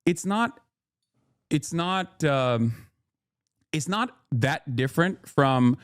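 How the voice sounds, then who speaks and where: A man's voice: fairly high pitch, lively intonation, drawn-out words, smooth, no room sound, studio quality. Blunt, profane male streamer. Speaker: livestream host. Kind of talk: casual livestream commentary.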